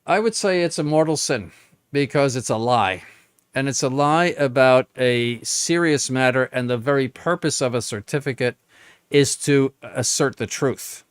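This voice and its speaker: A man's voice: medium pitch, moderate pace, clean tone, no room sound, clean studio sound. An older man, a bishop, answering viewer questions on a live stream in a blunt, emphatic, plain-spoken way.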